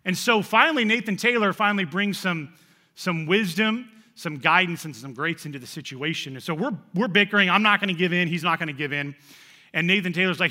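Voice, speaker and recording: A man, preaching a sermon through a personal story, animated, often repeating words and restarting phrases. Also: high-pitched, a little fast, long reverb tail. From central Illinois, USA. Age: 30s. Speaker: pastor.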